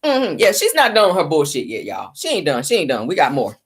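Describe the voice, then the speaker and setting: A middle-aged woman hosting a sassy celebrity gossip show, with a sarcastic, dramatic delivery and drawn-out emphasis. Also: deep voice, wildly swooping pitch. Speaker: host.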